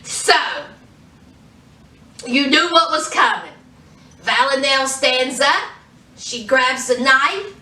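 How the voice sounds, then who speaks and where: A woman recapping a TV episode in a casual, animated way, acting out the characters' lines. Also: high-pitched, slow pace, long pauses, reverberant, recorded from a distance. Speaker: TV show reviewer.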